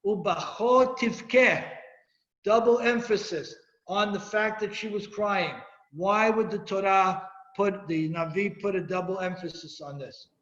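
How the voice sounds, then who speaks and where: A man's voice: high-pitched, unhurried, fairly bright tone. A man teaching a Torah class as a rabbi. He reads Hebrew verses, explains them and questions his students. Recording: echoey room, dull lo-fi sound.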